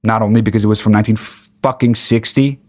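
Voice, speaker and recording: A man ranting with sarcasm and heavy swearing, mocking others in high put-on voices. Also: fairly even intonation, brisk, a little mellow. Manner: angry, sarcastic, swears a lot. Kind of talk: profane ranting monologue.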